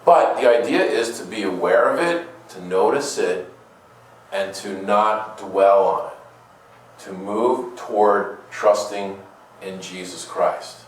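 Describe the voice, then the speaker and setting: A man delivers a conversational sermon, packed with rhetorical questions and playful asides, often repeating his words. His voice is fairly low and slow, with slight background noise, recorded from a distant mic in a very echoey room.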